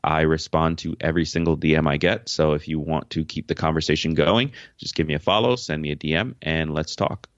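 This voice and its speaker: A young man with a very deep, low voice talks through interview questions in an easy, relaxed way, dropping plenty of "uh"s and laughing easily. He grew up in Jamaica. His audio sounds dull and dry, like a lo-fi remote call. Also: brisk, few pauses, no room sound. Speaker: podcast host and author, guest. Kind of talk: casual interview answers.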